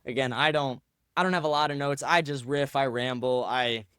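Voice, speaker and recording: A man's voice: medium pitch, steady tone, normal speed, fairly bright tone, smooth, dry recording, studio quality. An American man hosting a solo podcast, riffing profanely and combatively while answering listener comments. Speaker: podcast host.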